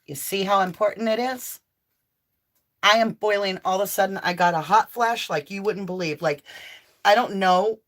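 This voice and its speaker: A woman doing an impassioned tarot reading to camera, emphatic and near yelling at times, with chatty asides to her viewers. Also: mid-range voice. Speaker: tarot reader and channel host.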